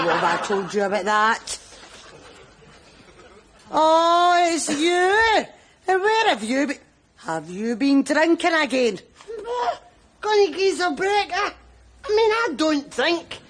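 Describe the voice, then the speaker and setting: A Glaswegian actress playing a sharp-tongued, scolding wife and mother in a sitcom, with audience laughter. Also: very animated, slow, pauses often, exaggerated voice. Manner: scolding, sarcastic, shrill. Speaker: sitcom character. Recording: studio audience laughter behind.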